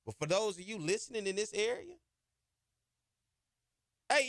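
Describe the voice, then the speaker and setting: Fired-up high-voiced podcast host. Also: male voice, animated, normal speed, long pauses, sharp tone, dry recording, studio quality. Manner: emphatic, preachy, colloquial with "y'all" and "ain't". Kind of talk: impassioned sports podcast monologue.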